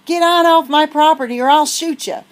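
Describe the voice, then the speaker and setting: Woman doing a grumpy old farmer from a storybook, raspy and shouting threats. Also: sits high, fairly quick, pitched above the performer's own voice, close to an everyday voice. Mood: furious shouting.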